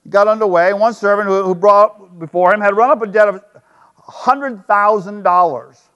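High-voiced preacher in a reverberant hall. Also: male voice, normal speed, smooth, lo-fi sound. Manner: storytelling, emphatic with sudden drops to a hush. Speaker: pastor. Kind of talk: sermon.

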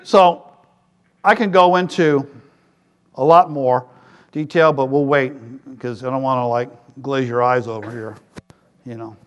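A middle-aged male pastor preaching a sermon in a conversational, joking way, with loud emphatic peaks. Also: medium pitch, fairly even intonation, normal speed, clean tone.

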